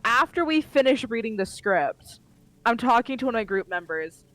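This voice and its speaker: Casting: young adult friend on a voice call, chatty, rambling anecdotes, mid pitch, faint music behind. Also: animated, moderate pace, fairly bright tone. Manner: chatty storytelling with many likes. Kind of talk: casual gaming chat.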